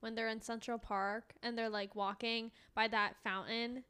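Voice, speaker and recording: A young woman with a high, smooth voice chats easily with a friend. She gushes and rambles, with "like" in nearly every sentence. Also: level tone, moderate pace, pushed and bright. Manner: gushing, full of "like" fillers. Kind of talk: casual chat.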